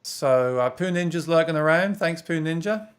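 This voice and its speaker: At a normal speed and a slightly high pitch, a man from England runs a relaxed guitar livestream chat. His English accent comes through as he chatters, reads comments from viewers, and keeps breaking into laughter.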